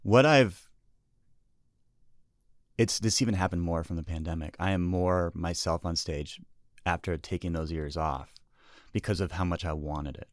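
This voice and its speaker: A man who is a comedian, talking as a podcast guest in a rambling, reflective, deadpan way. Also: low-pitched, normal speed, pauses often, no room sound, studio quality. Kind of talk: casual podcast chat. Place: podcast studio.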